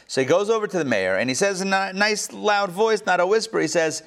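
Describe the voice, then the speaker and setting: Lively joking male class instructor. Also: high-pitched, fairly quick, hardly any pauses, a little hiss or hum. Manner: animated storyteller, joking and asking the class questions. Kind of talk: lecture with jokes to a live class.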